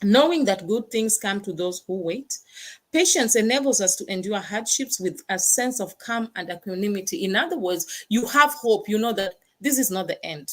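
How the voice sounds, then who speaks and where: A woman's voice: mid-range voice, lively intonation, normal speed. Woman hosting a pep talk, emphatic, keeps repeating words to hammer it home. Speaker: host. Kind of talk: motivational talk.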